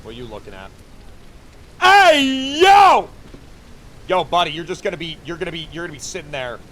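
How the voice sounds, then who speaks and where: A man's voice: fairly high pitch, lively intonation, racing, a bit bright, a little hiss or hum. A man streaming a game, chatting and joking to his viewers as he plays. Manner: joking, chatty, talks to himself while playing. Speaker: VTuber streamer. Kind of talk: casual gaming commentary to chat.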